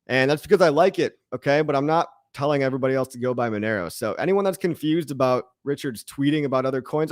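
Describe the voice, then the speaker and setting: A man's voice: medium pitch, fast talker, few pauses, no room sound, studio quality. Rambling jokey man hosting a live stream. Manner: rambling, jokey, swears casually. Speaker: crypto live stream host. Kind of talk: casual live stream chat reading comments.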